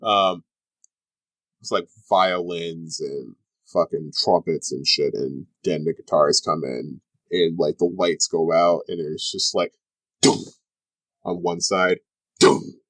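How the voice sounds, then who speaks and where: A young man runs a tabletop game in a casual, rambling way, piling up fillers as he goes. His voice sits low. The sound is dry and close. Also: steady tone, takes it slowly, a bit bright, no echo. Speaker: game master.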